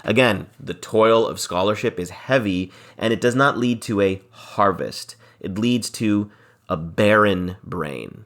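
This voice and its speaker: A man with a fairly low voice lectures on a classic play. He reads a passage, then unpacks it line by line, circling back to key phrases so they stick. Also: unhurried, fairly bright tone. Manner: explanatory, repeats key phrases for emphasis. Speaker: lecturer on literature. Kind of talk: literary lecture, reading passages aloud and explaining them.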